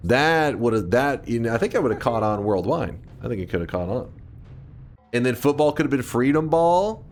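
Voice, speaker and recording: A man's voice: medium pitch, expressive, moderate pace, a little hiss or hum. A man in his thirties chatting casually on a livestream, ranting and joking with lots of swearing. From United States. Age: 30s. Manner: ranting, profane and jokey with chat.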